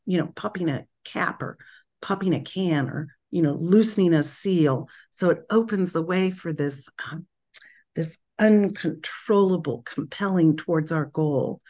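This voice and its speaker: A woman leading her spiritual group in a reflective talk, speaking slowly and meditatively, pausing often and restarting her phrases. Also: lowish voice, a little mellow. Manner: slow and meditative, with pauses and restarts.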